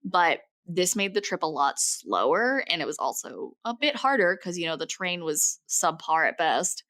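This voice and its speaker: A woman's voice: fairly low pitch, very animated, normal speed, a bit bright. A young woman co-hosting a podcast, telling a story in a loose, jokey way and laughing often. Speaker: podcast co-host. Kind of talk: casual storytelling chat.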